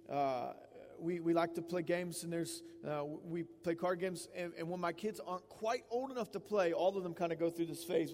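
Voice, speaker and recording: A man in his thirties preaching an expository sermon in a conversational, emphatic way, often tossing in quick "right?" asides. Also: sits high, a little mellow. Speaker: pastor. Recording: long reverb of a large hall.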